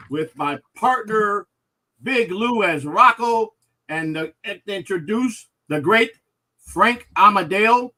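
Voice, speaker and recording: A man's voice: high-pitched, lively intonation, takes it slowly, pushed and bright. A man hosting a live comedy talk show, talking casually with lots of fillers and restarts. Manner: rambling, filler-heavy. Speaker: host.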